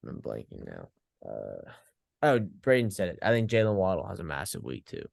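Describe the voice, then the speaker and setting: A man co-hosting a podcast in casual chat, low-key and self-deprecating, talking over a video call from a dark room at home. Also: huge pitch swings, moderate pace, vocal fry, no echo, studio quality. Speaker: podcast co-host.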